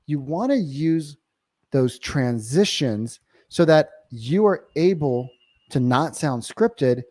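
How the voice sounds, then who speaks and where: A man's voice: fairly high pitch, expressive, slow, warm tone, dry recording, studio quality. A man giving an emphatic sales coaching talk, often checking in with the listener. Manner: emphatic, keeps checking in with "right?". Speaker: real estate sales trainer. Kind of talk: coaching monologue.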